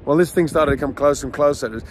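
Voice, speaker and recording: A middle-aged man, a dog trainer, teaching outdoors near a beach in a casual, animated storytelling way. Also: on the high side, racing, a little hiss or hum. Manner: animated storyteller, acts out scenes. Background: faint outdoor ambience with waves.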